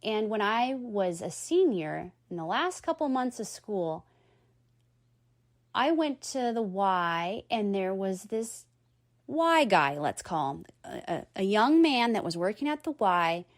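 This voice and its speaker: A woman's voice: mid-range voice, sing-song, takes it slowly, no echo, clean studio sound. A woman in her thirties telling a personal story and giving earnest, encouraging advice. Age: 30s.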